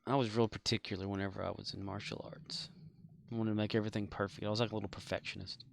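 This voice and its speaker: Gravelly dude rambling on his game stream, goofy self-mocking jokes. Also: lowish voice, little pitch movement, quick pace, a little hiss or hum. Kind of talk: casual live-stream chat while gaming.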